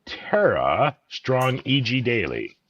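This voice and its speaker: A husky-voiced man hosts a live interview, and his pitch swings widely as he talks. He reads out audience questions, and his audio sounds dull and lo-fi. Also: big pitch swings, slow pace, fairly bright tone. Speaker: host.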